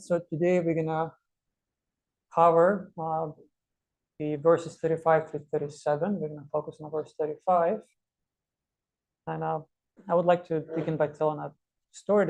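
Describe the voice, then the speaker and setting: A man teaching a scripture class, telling stories and explaining verses with many pauses and restarts. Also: on the high side, fairly even intonation, gravelly, darkish tone. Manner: storytelling, many fillers and restarts.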